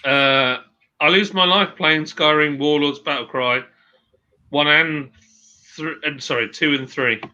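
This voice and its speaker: A chatty man with a very bright, forceful voice, hosting a relaxed livestream and reading out viewer messages. His pitch sits a bit high for a man, and the stream audio sounds dull and lo-fi. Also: a little slow. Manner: chatty, laughing, reads chat aloud. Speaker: host. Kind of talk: casual livestream chat reading viewer comments.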